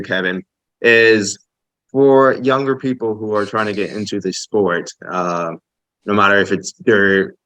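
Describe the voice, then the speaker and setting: Low-voiced co-host with meandering questions. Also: male voice, fairly bright tone, no echo. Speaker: podcast co-host. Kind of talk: casual podcast interview.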